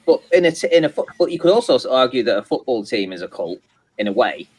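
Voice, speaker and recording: Male co-host, casual live-stream chatter, halting, restarts often, mid-pitched voice. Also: very animated, darkish tone, husky, low-quality recording. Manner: rambling, halting, many restarts and fillers. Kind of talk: casual chat.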